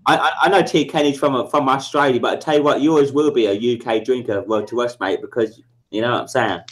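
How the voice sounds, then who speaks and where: A man's voice: mid-range voice, fairly even intonation, brisk. A man hosting a casual livestream chat, sweary and blustering, often repeating himself. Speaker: livestream host.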